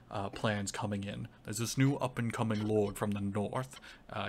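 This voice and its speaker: A man voicing a fat, scheming crocodilian crime lord in a tabletop game, with an Irish accent and a smooth, wheedling sales patter. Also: on the low side, a bit bright, a little hiss or hum.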